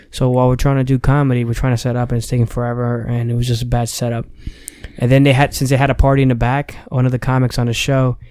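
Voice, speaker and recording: A man's voice: mid-range voice, darkish tone, clear, resonant tone, dry recording, clean studio sound. A young man, a stand-up comic, telling a rambling story in casual chat and acting out the people he quotes. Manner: loose, rambling storyteller who acts out quotes.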